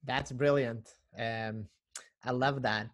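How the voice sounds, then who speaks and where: Halting, affirming podcast host, a man. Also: medium pitch, fairly even intonation. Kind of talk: interview questions.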